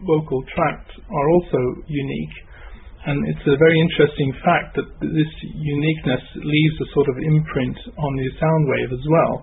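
A man explaining voice research as an interview guest, calm and clear. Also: a little high, moderate pace. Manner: demonstrates voice types, calm. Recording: tinny lo-fi line with faint noise.

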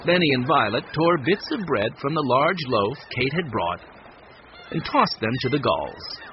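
A man reads a storybook chapter aloud with lively, expressive pitch. The recording is a little dull, with faint background hum. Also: a little slow. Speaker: audiobook narrator. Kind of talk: scripted narration. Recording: slightly muffled audiobook recording.

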